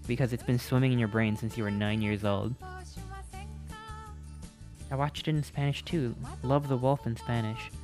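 A live streamer talking straight to viewers from a home setup, loose and rambling and full of restarts. The pitch sits in the middle, and faint game music plays underneath. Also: steady tone, moderate pace, pauses often. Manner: chatty, rambling and playful, with frequent restarts.

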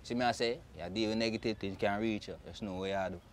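A man's voice: on the low side, quick pace, a little hiss or hum. Laid-back Jamaican man, faint street ambience. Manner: relaxed, repeats "you know what I'm saying". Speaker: interviewee. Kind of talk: casual street talk in patois-tinged English.

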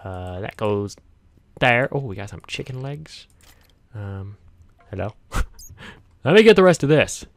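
A man's voice: on the low side, sing-song, slow, long pauses, no echo. A man hosting a gaming channel, chatting to viewers as he plays, easily startled, with yelps and laughs. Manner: talks directly to viewers. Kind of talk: casual gameplay commentary.

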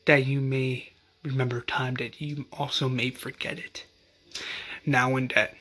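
A man voicing a wise older man handing down a keepsake, speaking slowly and solemnly, sometimes nearly whispered. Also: medium pitch, fairly bright tone.

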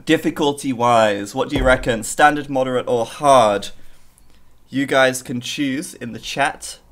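A man's voice: mid-range voice, measured pace. A male game streamer talks to his chat in a jokey, easygoing way. His voice sits in a middle register, and he keeps the banter loose and casual. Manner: jokey, chatty with viewers. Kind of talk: casual live-stream commentary.

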